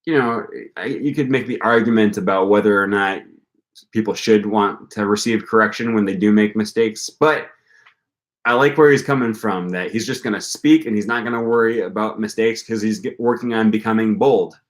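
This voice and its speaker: A man's voice: lowish voice, normal speed. A young man hosting a casual livestream about language learning, talking in an upbeat, encouraging way and rambling with many fillers. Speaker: language-learning channel host.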